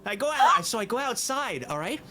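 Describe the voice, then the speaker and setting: A man telling a story in casual stream chat, with a lively pitch that swings wide. He drops to a hush, then bursts into shouting. Music plays clearly behind him. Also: a little fast. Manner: animated, swings between hushed and shouting. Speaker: guest storyteller.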